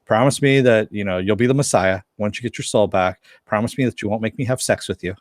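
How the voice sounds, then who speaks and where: A man's voice: lowish voice, fast talker. A man co-hosting a casual review chat, retelling scenes and acting out lines. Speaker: podcast co-host reviewing a TV episode.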